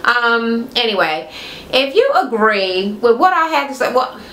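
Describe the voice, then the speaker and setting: A woman's voice: a little high, sing-song, measured pace, fairly bright tone, slight background noise. A woman vlogger recapping a reality TV episode in a casual, blunt, profane and sarcastic way. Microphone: camera mic. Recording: echoey room.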